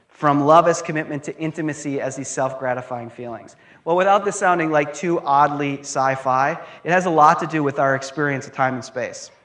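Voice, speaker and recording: Guy in his 30s lecturing, lively and funny, kinda high voice for a man. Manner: animated, wry, humorous. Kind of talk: conversational lecture with storytelling.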